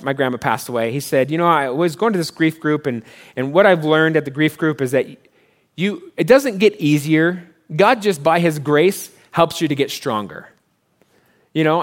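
A man preaching as pastor, conversational, rising for emphasis and dropping soft and low to console. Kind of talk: sermon.

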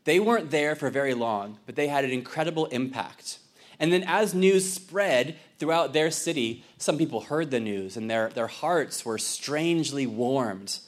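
Relaxed, joking young man preaching. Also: mid-range voice, normal speed. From Ireland. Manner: conversational, joking, with many fillers. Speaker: visiting missionary pastor. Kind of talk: casual sermon. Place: church sanctuary.

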